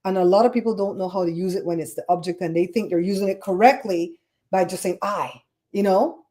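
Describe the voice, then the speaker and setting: Caribbean-accented woman host, animated casual chat, warm mellow tone. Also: fairly low pitch, brisk. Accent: Caribbean English. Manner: chatty, animated storyteller, fussy about grammar. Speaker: podcast host. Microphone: streaming setup microphone.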